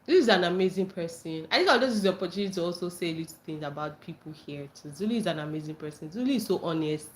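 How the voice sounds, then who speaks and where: A woman's voice: fairly low pitch, lively intonation, very fast, few pauses, slight background noise. A woman hosting a casual livestream, reading viewer comments aloud and reacting with frequent laughter and squealed greetings. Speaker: livestream host.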